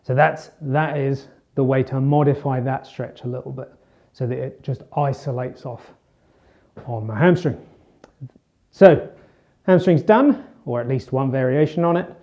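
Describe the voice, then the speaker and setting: A man's voice: mid-range voice, a little slow, lo-fi sound. A man working as a fitness coach, talking casually while he demonstrates stretches. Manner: relaxed, chatty, talks while demonstrating stretches. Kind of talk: instructional demonstration.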